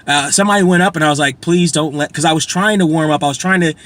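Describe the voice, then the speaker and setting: A hoarse-voiced vlogger in his thirties talks fast in a fairly bright, higher-than-average voice. His casual monologue rambles and pokes fun at himself, broken up by frequent throat-clearing.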